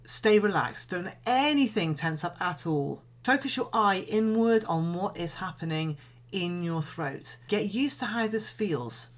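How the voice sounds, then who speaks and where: A woman singing coach giving a calm, measured voice lesson, explaining and demonstrating breathing exercises. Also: on the low side. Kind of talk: instructional voice lesson.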